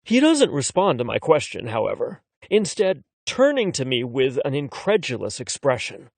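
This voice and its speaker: A man's voice: mid-range voice, wildly swooping pitch, normal speed, gravelly, no echo. A man narrating a first-person romance audiobook in a wry, conversational way.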